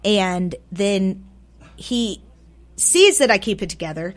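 A woman telling a personal story as a radio guest, swinging between loud and hushed, often repeating words for emphasis. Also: medium pitch, expressive, takes it slowly. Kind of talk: personal story told aloud. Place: radio studio.

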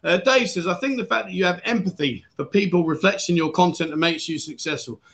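A man's voice: high-pitched, fairly quick, creaky, fairly bright tone. A British man hosting a casual livestream, out of breath, chatty and jokey, rambling with self-corrections. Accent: British English. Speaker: livestream host.

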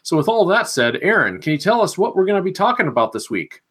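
A man's voice: sits high, sing-song, fast, fairly bright tone, a little hiss or hum. Genial male podcast host from Missouri. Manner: genial, self-deprecating. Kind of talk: casual podcast chat.

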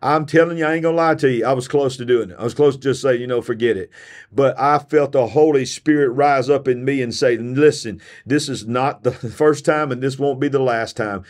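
A man's voice: medium pitch, brisk. A man delivers a sermon-style podcast with fiery, emphatic conviction and leans hard on repetition. His voice sounds tired, yet he keeps pushing forward like a preacher in full flow. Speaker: preacher and show host.

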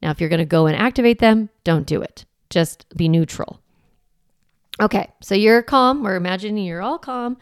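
A woman parenting coach hosting a podcast, talking earnestly and gently and explaining with everyday examples. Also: medium pitch, moderate pace, clean tone, dry recording, studio quality. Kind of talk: conversational advice podcast.

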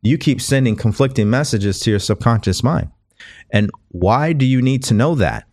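A man's voice: medium pitch, lively intonation, moderate pace, a little mellow. A man hosting a podcast, giving a conversational motivational talk as a coach, earnest and repeating phrases as he goes. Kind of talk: motivational monologue.

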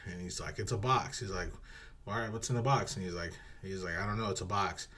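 Low-voiced rambling man. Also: brisk, sharp tone. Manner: rambling, laughs often, acts out quotes in a dropped voice. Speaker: podcast co-host. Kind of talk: casual chat, retelling a movie.

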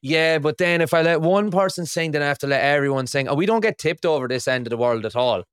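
A man's voice: fairly high pitch, quick pace, smooth, dry recording, studio quality. An Irish man in his early thirties, hosting a podcast in casual chat, swearing freely and laughing at his own stories over a remote call. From Ireland. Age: early 30s. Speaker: podcast host.

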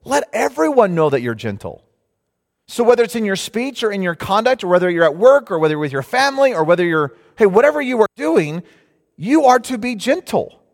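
Animated high-voiced preacher in a hall. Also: male voice, a little fast. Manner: animated, mocking voices in quotes. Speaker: pastor. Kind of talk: sermon. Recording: long hall reverb.

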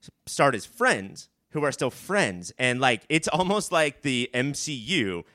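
A man's voice: mid-range voice, big pitch swings, measured pace, pushed and bright, no echo, clean studio sound. A man co-hosting a casual movie podcast, rambling with many fillers. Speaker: podcast co-host.

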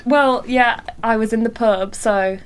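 A woman's voice: on the high side, unhurried, clear, resonant tone. Chatty self-deprecating woman. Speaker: singer-songwriter guest. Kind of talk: casual interview chat.

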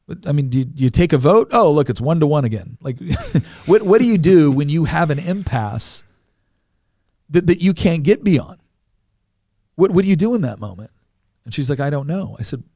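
A man's voice: on the high side, warm tone, no room sound, clean studio sound. Earnest man telling a story. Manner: earnest, repeats words as he goes. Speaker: guest. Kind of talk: storytelling in a podcast interview.

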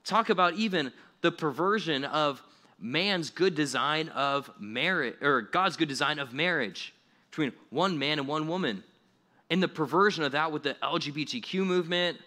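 A young adult man preaching a casual, animated sermon with conversational asides and playful acted-out voices. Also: fairly high pitch, normal speed.

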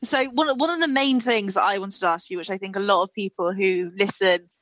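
A woman's voice: mid-range voice, brisk, fairly bright tone, no room sound. A woman co-hosting a podcast, asking teasing questions in casual chat. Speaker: podcast co-host and interviewer.

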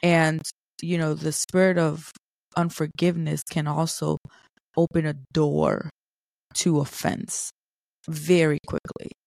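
A woman's voice: low-pitched, little pitch movement, takes it slowly, gravelly, darkish tone, no room sound. A woman hosting a faith podcast, reading scripture aloud and explaining it in an earnest, conversational way. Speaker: podcast host.

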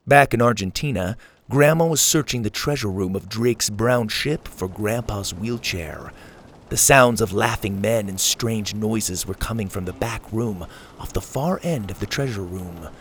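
A man narrating a children's storybook in an animated, expressive reading. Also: fairly low pitch, a little hiss or hum.

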